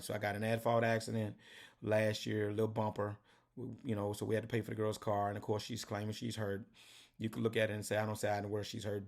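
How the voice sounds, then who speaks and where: A man's voice: on the low side, darkish tone. A man, a trucking business owner, talking casually to his viewers and giving business advice in a folksy way, often checking in with "right?". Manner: folksy, repeats "right?" and "did you get that?".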